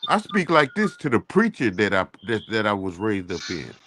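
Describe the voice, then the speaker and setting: A man's voice: on the low side, wildly swooping pitch, moderate pace, loud music behind the voice. A man hosting a casual morning talk show, delivering a rambling, profane, preachy rant. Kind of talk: casual chat.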